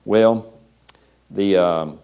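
Male preacher, lowish voice, halting storytelling sermon with frequent fillers and restarts. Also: mellow, clear, resonant tone, lo-fi sound. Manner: halting, many fillers and restarts, quoting scripture.

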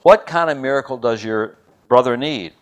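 A man voicing a gentle, well-dressed male surgeon who reassures a child in a read-aloud story. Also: medium pitch, moderate pace, lightly acted. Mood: kindly.

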